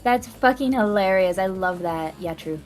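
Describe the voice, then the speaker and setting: A woman's voice: mid-range voice, animated, moderate pace, soft background music. A woman chatting casually as a guest, playfully mock-indignant and exaggerated. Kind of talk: casual chat.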